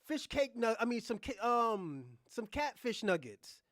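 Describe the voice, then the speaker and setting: A man's voice: very high voice, big pitch swings, measured pace, fairly bright tone, no room sound, studio quality. A man hosting a reaction livestream, ranting in a blunt, profane, rambling way. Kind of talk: casual livestream commentary.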